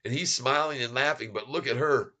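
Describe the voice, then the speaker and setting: A man hosting his own stock market channel, talking in an excitable, rambling way and laughing often as he comments on a video. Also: mid-range voice.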